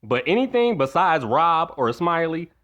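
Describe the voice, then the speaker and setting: A man riffs to his live chat in an unfiltered, cursing rant, mimicking the people he talks about. His pitch sits a little high and swings widely. The stream audio is dull and lo-fi. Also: unhurried. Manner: profane, blunt, animated, acts out quoted voices. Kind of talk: casual storytelling rant.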